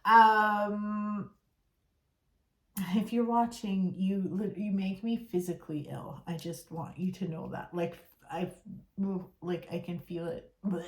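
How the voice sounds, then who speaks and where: Woman tarot reader, casual and blunt, exasperated tone, cursing, middle pitch, roomy echo. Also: fairly even intonation, slow. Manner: blunt, exasperated, swears freely. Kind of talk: casual tarot reading to camera.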